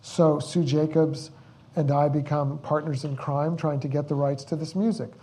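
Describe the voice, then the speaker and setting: A man's voice: a little high, flat delivery, normal speed, dark tone. A man, a film director, telling rambling stories at a Q&A. He restarts and repeats words and acts out the quotes he tells. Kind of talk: anecdotal storytelling at a Q&A.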